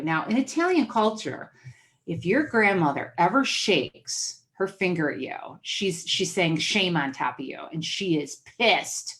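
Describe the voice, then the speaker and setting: A woman hosts a podcast and tells a family story in a relaxed, chatty way. She is animated and acts out the voices of the people she quotes. She laughs often as she talks. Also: on the low side, a little slow. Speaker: podcast host. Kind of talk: casual storytelling chat.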